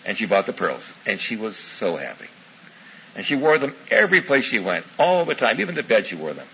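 A man's voice: on the low side, sing-song, brisk. A man preaching a sermon in a folksy storytelling manner, in a muffled recording with faint hiss. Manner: folksy storytelling, warm asides, chuckles.

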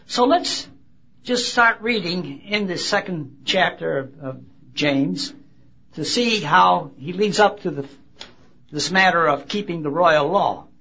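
Husky high-voiced man preaching. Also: pushed and bright. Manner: halting, restarts phrases, emphatic rises. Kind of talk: sermon with Bible reading. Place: convention gathering. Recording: dull lo-fi recording.

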